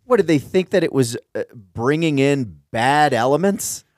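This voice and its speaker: Playful man with sweeping pitch. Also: animated, normal speed, darkish tone, dry recording, clean studio sound. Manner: playful, breaks into mock ad-announcer voice. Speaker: podcast co-host. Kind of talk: casual comedic chat.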